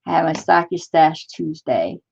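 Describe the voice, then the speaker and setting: Chatty woman in her forties, lowish voice. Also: sing-song, moderate pace, gravelly, darkish tone, husky, highs cut off. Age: 40s. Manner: chatty, rambling, greeting viewers by name as she reads comments. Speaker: crafting livestream host. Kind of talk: casual live-stream chat.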